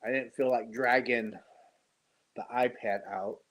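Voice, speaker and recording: A tired, congested man hosting a casual live stream, greeting viewers and talking slowly with many pauses and fillers. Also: medium pitch, fairly even intonation, fairly bright tone, low-quality recording. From United States. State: tired and congested after surgery. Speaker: host of a live yarn stream.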